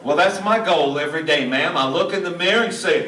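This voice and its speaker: A middle-aged male comedian with a high, bright voice delivers a folksy stand-up set. He pokes fun at himself and teases the crowd. The sound is roomy and distant, like a small auditorium picked up from across the room. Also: fairly quick, a little hiss or hum. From Hot Springs, Arkansas. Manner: folksy, self-deprecating, teasing the crowd. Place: small auditorium at a senior living community. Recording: echoey room, mic heard from a distance.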